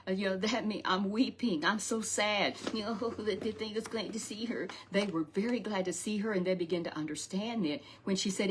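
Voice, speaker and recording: A woman's voice: medium pitch, a little fast, few pauses, noisy background. A woman telling a Sunday Bible story to a puppet, rambling and repeating herself with many restarts.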